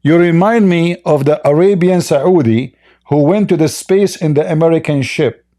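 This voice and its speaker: Male debate host, combative and mocking, pitched a bit high with a mellow tone. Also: normal speed. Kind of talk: live online debate.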